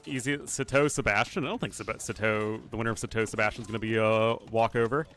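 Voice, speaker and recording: A man's voice: on the low side, fairly even intonation, quick pace, fairly bright tone, faint music behind. Chatty male esports caster. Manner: chatty, rambling asides, talks to chat directly. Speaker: game caster and streamer. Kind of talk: casual live esports commentary.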